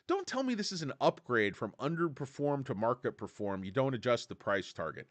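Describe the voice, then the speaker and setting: A man's voice: mid-range voice, no echo. A man hosting a casual stock livestream, ranting sarcastically about analysts and reading chat names. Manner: animated, sarcastic, mocks analysts with put-on voices. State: tired. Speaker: stock commentary livestream host.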